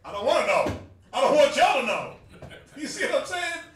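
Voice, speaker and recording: A man's voice: very high voice, sing-song, brisk. A man with a Southern US accent teaching a religious class in a casual, joking, conversational way, laughing often and using slang. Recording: echoey room, mic far off, faint hiss.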